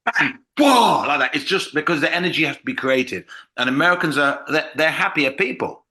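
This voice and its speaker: A man's voice: on the high side, brisk. An English man, a comedian, chatting casually on a podcast and acting out quotes as he tells stories. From England. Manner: animated storyteller, acts out quotes. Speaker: comedian guest.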